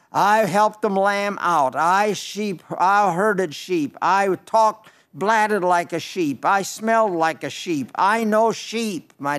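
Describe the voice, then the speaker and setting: A man's voice: sits high, fairly bright tone. An older man preaching on the radio, answering listener letters as folksy, emphatic stories with repeated phrases.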